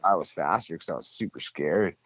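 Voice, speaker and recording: A young man with a lowish voice tells a rambling, swear-filled story in casual chat. He gets animated and lifts his voice when he acts out what others said. The recording is dry and slightly dull. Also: brisk, slightly rough, no room sound. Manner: profane, rambling, animated when quoting people.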